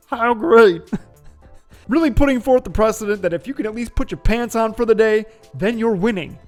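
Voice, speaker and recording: A man's voice: sits high, animated, quick pace, few pauses, a little mellow, faint music behind. A man hosting his own show, chatting in a playful, joking, upbeat way. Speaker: host. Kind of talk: casual vlog commentary.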